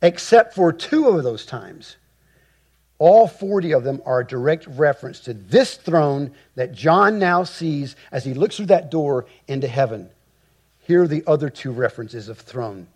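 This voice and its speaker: A man preaching a sermon, reading scripture slowly and rising with emphasis on key words. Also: mid-range voice, darkish tone. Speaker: pastor.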